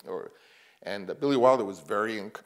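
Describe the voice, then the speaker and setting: An older man, a guest on a panel, telling stories in a rambling, halting way. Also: fairly low pitch. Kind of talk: anecdotal panel conversation.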